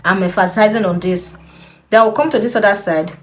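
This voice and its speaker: A woman's voice: medium pitch, a bit bright. A young woman giving a patient step-by-step sewing tutorial, repeating key points and checking in with the viewer. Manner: slow, patient, repeats instructions with frequent "okay?". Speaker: sewing instructor.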